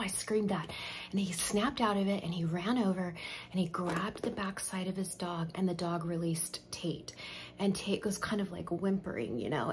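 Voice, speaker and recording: A woman's voice: lowish voice, darkish tone, a little hiss or hum. A middle-aged woman chatting casually while doing her makeup, telling an emotional story and dropping to a near whisper at tense moments. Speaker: makeup vlogger.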